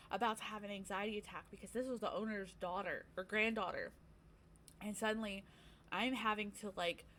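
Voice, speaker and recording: A woman's voice: medium pitch, a bit bright. A woman streaming from a home setup, telling a personal story in a loose, chatty way. She is candid and swears casually as she talks, in an ordinary mid-range voice. A faint hiss of noise sits under her voice. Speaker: livestreamer.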